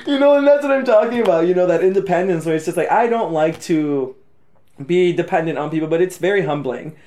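A man with a fairly high voice chats as a guest, spinning a travel story with lively energy. He acts out little bits of dialogue and laughs easily between lines. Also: fast. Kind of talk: casual podcast chat.

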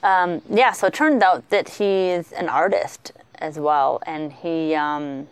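A woman co-hosting a podcast, telling travel stories in a chatty, animated way with lots of fillers. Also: sits low, slow pace, clean tone. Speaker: podcast co-host. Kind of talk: casual travel storytelling.

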